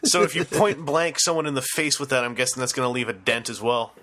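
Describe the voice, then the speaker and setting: A man co-hosting a podcast, chatting casually and teasing with quick jokey remarks. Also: mid-range voice, bright, forceful tone. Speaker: podcast co-host. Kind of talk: casual chat.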